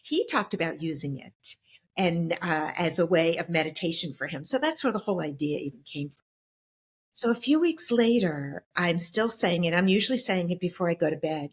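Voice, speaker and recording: A middle-aged woman telling her personal story as an interview guest, reflective and halting, with many fillers and restarts. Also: fairly low pitch.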